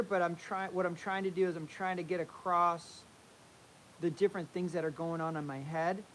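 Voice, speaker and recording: A man's voice: high-pitched, steady tone, moderate pace, fairly bright tone, slight background noise, rough recording. A man teaching figure drawing, talking through a live sketch with energy and repeating key phrases as he draws. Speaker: art instructor.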